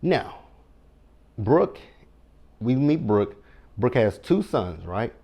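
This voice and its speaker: A man's voice: mid-range voice, sing-song, extremely slow, creaky, mellow. A man, recapping a reality show in a chatty, sassy way with mock-quoted reactions. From Texas. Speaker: TV recap host. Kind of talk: casual recap commentary.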